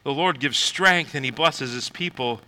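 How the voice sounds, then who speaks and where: A man preaching a sermon, moving from quiet reflection to shouted, high exclamations, with laughs between points. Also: normal speed, a little hiss or hum, rough recording. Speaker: pastor.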